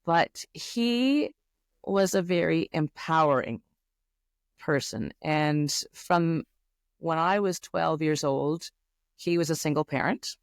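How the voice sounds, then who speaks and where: A middle-aged Canadian woman with a Canadian accent, a podcast guest telling family stories in a thoughtful, unhurried way with many fillers. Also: deep voice, lively intonation, no echo, clean studio sound. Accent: Canadian English. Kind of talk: reflective interview storytelling.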